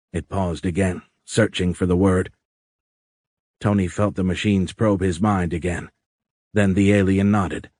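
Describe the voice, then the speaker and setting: Deep voiced guy reading an audiobook, slow and even, dry close mic. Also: dry recording. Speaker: audiobook narrator. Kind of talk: scripted audiobook narration.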